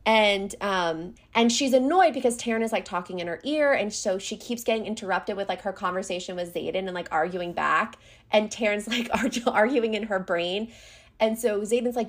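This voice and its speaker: A woman's voice: mid-range voice, moderate pace. A woman co-hosting a casual book podcast, retelling scenes with lots of "like" fillers and quoted lines. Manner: animated retelling with many "like" fillers. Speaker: podcast co-host.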